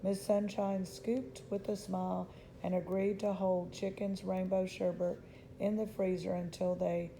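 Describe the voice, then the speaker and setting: A woman reading a children's novel aloud in a gentle, unhurried storytelling voice. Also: medium pitch, flat delivery, gravelly, slight background noise, rough recording. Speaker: storybook reader.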